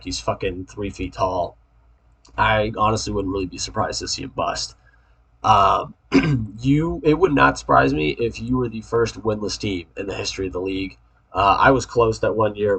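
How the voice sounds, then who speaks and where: Husky-voiced young guy, low-ish, trash-talks his league mates in a rambling, profane vlog. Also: normal speed, a bit bright, poor audio. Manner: trash-talking, rambling with restarts. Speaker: fantasy football league member ranking teams. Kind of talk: casual profane commentary.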